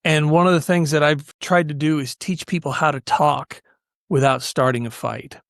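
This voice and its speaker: This podcast host's voice is fairly high and creaky, with a steady tone and a moderate pace. He tells conversational stories earnestly and animatedly, frequently starting his sentences over. The studio-quality recording is dry.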